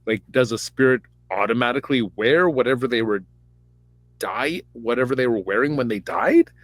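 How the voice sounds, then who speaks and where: A man's voice: mid-range voice, moderate pace, no echo. A podcast host, a man, retelling a Bible story in a rambling, irreverent, campy way.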